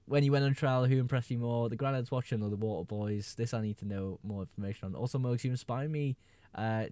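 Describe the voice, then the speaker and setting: A man hosting a casual fantasy football live stream, reading viewer questions aloud, answering them quickly and laughing often. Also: medium pitch, dark tone, no room sound.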